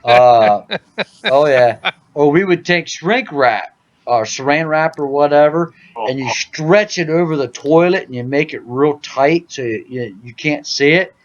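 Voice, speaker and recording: Joking man telling loud prank stories. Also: a little high, unhurried, highs cut off. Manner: loud joking storyteller, says "dude" a lot. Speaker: podcast host. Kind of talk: casual gaming podcast chat.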